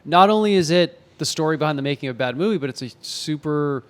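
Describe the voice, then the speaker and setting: Guest actor, male, forties, slightly higher voice, lively raconteur who acts out every quote. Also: fast talker. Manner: animated anecdotes with acted-out quotes. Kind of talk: casual interview storytelling. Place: home in Los Angeles.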